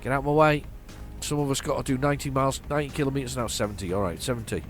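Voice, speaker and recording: A middle-aged man from northern England with a flat northern accent, chatting casually while playing a driving game, rambling and restarting his sentences. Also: medium pitch, racing, soft background music. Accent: flat northern English. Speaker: gaming channel host. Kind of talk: casual let's-play commentary.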